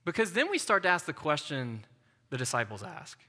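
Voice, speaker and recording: A man's voice: fairly high pitch, huge pitch swings, brisk, bright, forceful tone, big-room sound. A man preaching a sermon as a pastor, talking in an earnest, conversational way and mixing in personal stories. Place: church.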